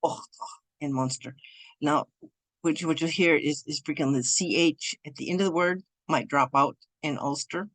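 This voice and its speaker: A woman leads a beginners' lesson from her computer over Zoom, recorded dry and close with no room around her. Her speech is loose and halting, and she often stops and restarts mid-phrase. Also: deep voice, a bit bright, no room sound. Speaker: Irish language teacher. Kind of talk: screen-share online lesson. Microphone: computer mic over Zoom.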